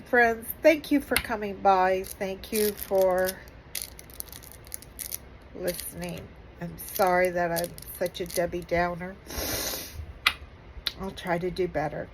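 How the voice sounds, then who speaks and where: A middle-aged woman vlogging, halting and apologetic, crying as she speaks. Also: mid-range voice, background noise. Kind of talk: emotional personal vlog.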